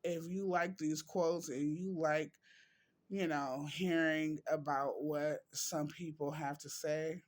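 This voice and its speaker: A man vlogging in an emotional, heartfelt way, reading quotes and talking slowly with drawn-out words. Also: fairly high pitch, steady tone. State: emotional, near tears.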